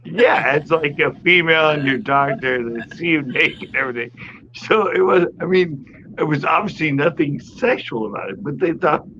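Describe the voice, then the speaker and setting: A man's voice: on the high side, expressive, normal speed, sharp tone. Middle-aged man, casual livestream chat, laughing storyteller, slightly dull sound, faint noise. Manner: laughs often while telling stories. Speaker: guest.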